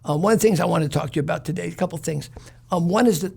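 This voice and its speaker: Guy, gravelly and a bit husky, rambling street stories in an interview. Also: on the high side, expressive, fast, a little mellow. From Chicago. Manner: rambling, streetwise storytelling with fillers. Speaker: interview guest. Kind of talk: casual storytelling interview.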